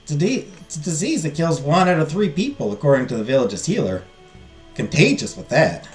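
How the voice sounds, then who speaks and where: A grieving young farm woman, read by a man, tells her story in a slow, sorrowful Southern drawl. Her voice swings widely in pitch. It sits in an echoey room with faint music playing behind it. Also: sing-song. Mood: wistful. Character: wistful young woman farmer mourning her siblings. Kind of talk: reading game dialogue aloud.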